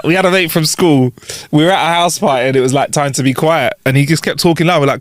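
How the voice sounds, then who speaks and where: A young man co-hosting a comedy podcast, telling stories in an animated, jokey way. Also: fairly high pitch, fast, no echo, studio quality. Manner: animated, jokey, lively storytelling. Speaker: podcast co-host. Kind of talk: casual comedic chat.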